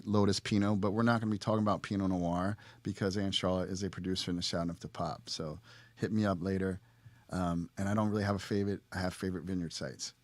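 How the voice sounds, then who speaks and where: A man's voice: sits low, a bit bright, no room sound. A man hosting a casual live podcast interview, upbeat and jokey, laughing often. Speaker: podcast host. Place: in Red Bank, New Jersey.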